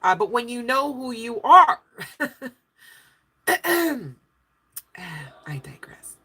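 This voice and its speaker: A woman with a slightly high, bright, forceful voice gives a casual spiritual tarot reading at a measured pace, her intonation lively over slight background noise. She's emphatic and chatty, checking in with listeners often and swearing offhandedly.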